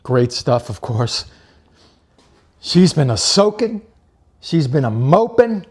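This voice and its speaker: A man with a medium-pitched, darkish voice hosts a cooking show, chatting and joking as he walks viewers through a recipe and calls them folks. In this casual cooking demonstration, he eagerly plugs a sponsor.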